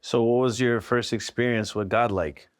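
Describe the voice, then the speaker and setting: A man's voice: medium pitch, steady tone, moderate pace, no echo, studio quality. A man hosting a podcast who asks brief, easygoing questions in a casual interview. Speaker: podcast host.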